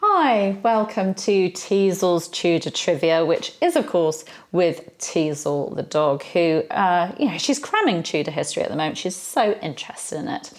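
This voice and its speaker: Slow, chatty British woman host. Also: lowish voice, sing-song. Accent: British English. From Britain. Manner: chatty, playful, wry asides. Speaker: history channel host. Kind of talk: casual educational talk to camera.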